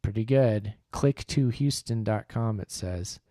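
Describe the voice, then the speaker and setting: A man's voice: on the low side, unhurried, mellow, dry recording, clean studio sound. A man co-hosting a casual live-stream podcast, rambling and correcting himself as he plugs the show's channels. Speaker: podcast co-host.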